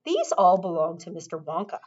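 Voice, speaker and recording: Casting: woman playing an indulgent, cooing mother, lively and high. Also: a little fast. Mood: soothing. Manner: soothing, cooing. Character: doting indulgent rich mother. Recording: dull lo-fi recording.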